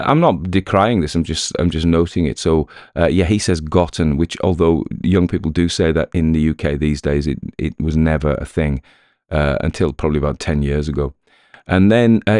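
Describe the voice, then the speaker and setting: A man's voice: very deep voice, darkish tone, no room sound, clean studio sound. A British man who hosts a story podcast, chatting casually after a reading, rambling with wry asides. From Britain.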